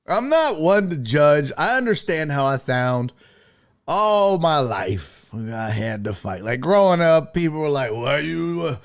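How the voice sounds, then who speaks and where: A middle-aged man hosting a casual sports talk stream, chatting with viewers in a profane, jokey way. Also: mid-range voice. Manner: profane, animated, jokey, slips into mock voices. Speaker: sports talk show host. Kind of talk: casual live-stream chat, reading viewer comments.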